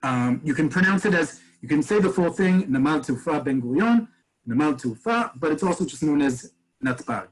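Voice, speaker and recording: A man's voice: a little high, lively intonation, moderate pace, a little hiss or hum, rough recording. A man teaching a webinar over a video call, explaining things step by step and answering questions from the chat. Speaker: Hebrew teacher.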